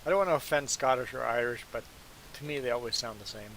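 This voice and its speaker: A man's voice: mid-range voice, fast, slight background noise, rough recording. A man from Canada chatting casually as a live streamer, telling rambling stories and chuckling often. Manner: relaxed, rambling storyteller who chuckles often. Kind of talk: casual chat while playing a game.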